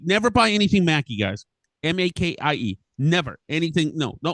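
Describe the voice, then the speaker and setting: This middle-aged man hosts a podcast and launches into an enraged, profane rant full of sputtering restarts. His fairly high voice swings widely in pitch and moves briskly, with a fairly bright tone and no room sound.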